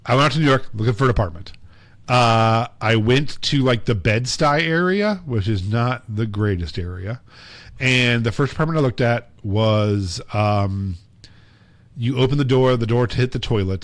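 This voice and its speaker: Telling rambling, easygoing stories on a podcast he co-hosts, this man uses lots of filler words and performs the quotes. He has a medium pitch, normal speed, and a dry recording.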